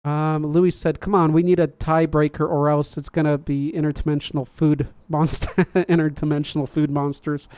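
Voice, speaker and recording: Brief: laid-back podcast host, mid-pitched, dry close sound, chats and laughs with live viewers. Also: level tone, normal speed, hardly any pauses, darkish tone, clear, resonant tone, no echo. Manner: chatty, laughs often, jokes at own slips. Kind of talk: casual livestream chat.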